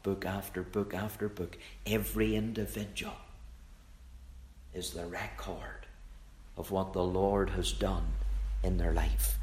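A man preaching a sermon in a measured, emphatic way, repeating phrases for weight. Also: deep voice, a little hiss or hum.

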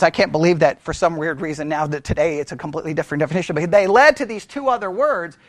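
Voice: medium pitch, fairly bright tone, no room sound, studio quality. A Bible study teacher who speaks with energy, keeps asking the listeners questions and checking in with "right?", and thinks aloud with restarts.

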